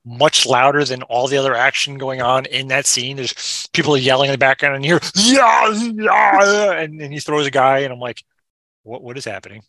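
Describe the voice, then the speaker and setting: Male guest, bright and tense in tone, rambling amused film chat, dry close sound. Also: medium pitch, little pitch movement, a little fast, hardly any pauses, dry recording. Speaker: podcast guest. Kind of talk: casual film discussion.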